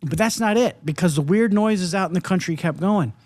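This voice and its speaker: A man's voice: sits high, a little fast, darkish tone, no echo. A man co-hosting a podcast, telling a story with lots of laughs and mimicked sounds. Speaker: podcast co-host. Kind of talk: casual storytelling chat.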